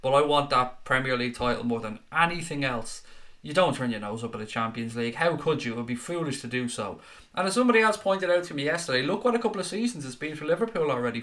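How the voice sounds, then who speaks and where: Guy doing a fan stream, reading out chat, calling everyone mate, bright forward voice. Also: on the high side. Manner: chatty, reads out viewer comments, calls people mate. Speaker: fan channel host reading live chat. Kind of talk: casual live-stream chat.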